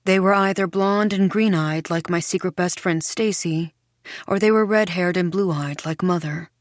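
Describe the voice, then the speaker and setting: A woman narrating a first-person audiobook in a measured storytelling manner. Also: on the low side, no room sound, clean studio sound.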